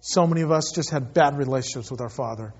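A man preaching a sermon from the pulpit with passion, moving between hushed pleading and loud declaration. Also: mid-range voice, quick pace, slightly rough. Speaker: pastor. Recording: slightly dull, muffled sound.

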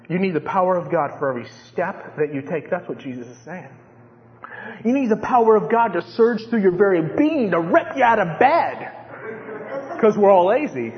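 High-voiced man preaching a sermon. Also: lo-fi sound. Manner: animated, acts out his own prayers in a strained high voice. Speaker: pastor.

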